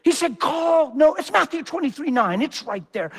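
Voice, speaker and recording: Guy preacher w a high voice, intense emphatic sermon vibe. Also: animated, moderate pace, hardly any pauses.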